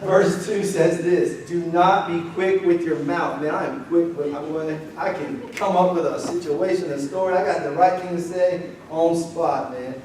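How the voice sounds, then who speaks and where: A young man preaching a casual, story-driven sermon in a church, quoting people in lively voices. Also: fairly high pitch, normal speed, few pauses, a little hiss or hum. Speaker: pastor. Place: church sanctuary. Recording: echoey hall from far off.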